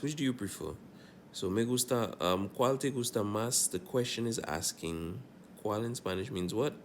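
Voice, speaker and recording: A man's voice: deep voice, vocal fry, a little hiss or hum. A man teaching a Spanish grammar lesson, going over examples and checking in often with "all right?".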